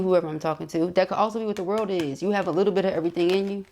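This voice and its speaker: A tarot reader with a fairly low, dark voice talks fast in a fairly even tone, barely pausing. She gives a casual, emphatic reading directly to her viewers, chatty and full of asides and laughter.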